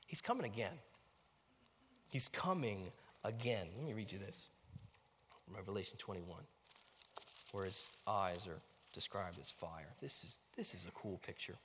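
A man preaching a sermon as a pastor, animated, swinging between quiet asides and loud emphatic lines. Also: fairly low pitch, unhurried, long pauses, big-room sound, a little hiss or hum. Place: church sanctuary.

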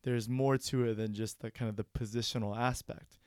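A man earnestly discussing a sermon in a relaxed, reflective church podcast conversation. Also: medium pitch, a little fast, clean tone, dry recording, clean studio sound.

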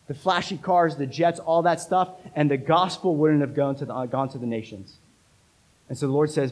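A male pastor preaching a sermon with emphasis, repeating key phrases and swinging between loud and hushed delivery. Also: on the high side, normal speed, low-quality recording.

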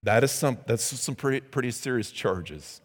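A man's voice: normal speed, slightly rough. Man preaching with long hall echo. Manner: animated, acts out quotes in a high voice; restarts and repeats words. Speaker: pastor. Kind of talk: midweek sermon.

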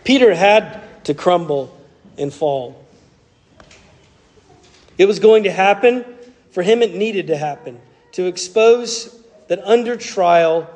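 High-voiced Southern preacher in a reverberant hall. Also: male voice, a little mellow. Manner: earnest, conversational preaching. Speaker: pastor. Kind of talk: sermon.

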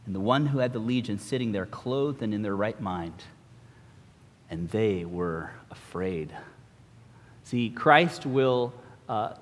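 A man preaching a sermon to his congregation, earnest and searching, often pausing with fillers and restarts. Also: medium pitch. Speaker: pastor. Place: church. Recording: long reverb of a church hall.

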